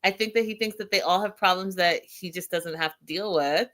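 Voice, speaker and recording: A woman hosting a casual reality TV recap, telling scenes with animated retellings and frequent laughter. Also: lowish voice, fairly quick. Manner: animated storyteller, acts out quotes, laughs often. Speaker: host.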